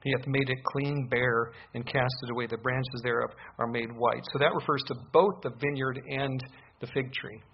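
A man, a pastor, giving a verse-by-verse sermon, reading scripture slowly and then explaining it with rising emphasis. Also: medium pitch, steady tone, muffled recording, a little hiss or hum.

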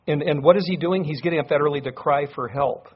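A man's voice: fairly high pitch, fast, husky, dull audio. A man preaching a sermon, earnest and conversational, asking his congregation rhetorical questions. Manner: speaks to a live congregation. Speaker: pastor.

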